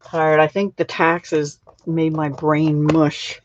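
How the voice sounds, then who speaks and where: A woman's voice: sits low, little pitch movement, takes it slowly, slight background noise. A middle-aged woman hosting a card-making live stream, chatting casually and laughing at her own slips. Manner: chatty, self-deprecating, laughs often. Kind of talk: casual crafting demo chat. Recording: dull lo-fi sound.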